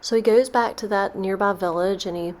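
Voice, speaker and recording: Casting: woman meditation guide, storytelling meditation narration, soft and unhurried, mid-pitched. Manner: slow, soft, repetitive storytelling.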